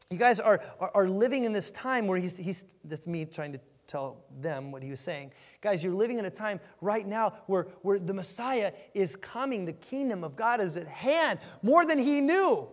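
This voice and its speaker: A man preaching a sermon as a pastor, animated and emphatic, often repeating words as he builds a point. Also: fairly high pitch, long reverb tail.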